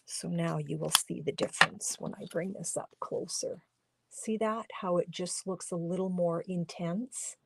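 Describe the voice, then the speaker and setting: A woman demonstrates card coloring live from her home craft studio, talking in an unhurried, chatty way and often dropping to a soft murmur as she works. Her voice has a low, gravelly edge, and she is losing it. She sounds relaxed and instructive. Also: very noisy. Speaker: crafting class host.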